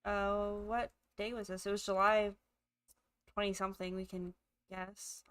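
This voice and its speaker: A woman with the hiccups giving excitable let's play commentary, thinking aloud as she plays. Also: mid-range voice, measured pace, smooth. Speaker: gamer.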